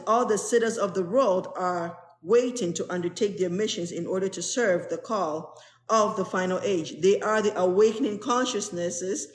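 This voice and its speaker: In a room with noticeable echo, a spiritual teacher shares a spiritual text with an online audience, reading it aloud and unpacking each passage in plain, earnest terms. She speaks at a medium pitch.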